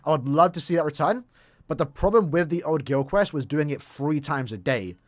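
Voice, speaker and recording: A young man chatting casually on a live game stream, talking in quick bursts and laughing easily. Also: on the high side.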